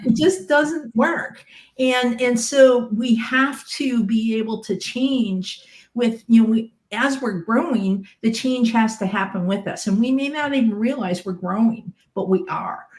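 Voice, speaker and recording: A woman's voice: on the high side, measured pace. A woman who is a shamanic medium, explaining teachings on a podcast panel with plenty of everyday examples.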